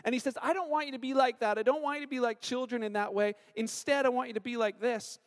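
A man in his thirties preaching a sermon as a pastor, telling stories with animated acted-out quotes. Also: very high-pitched, quick pace. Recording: long hall reverb.

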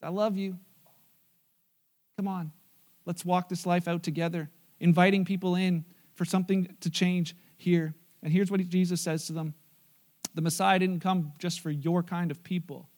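Man pastor, high voice, animated sermon storytelling that acts out the characters. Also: moderate pace.

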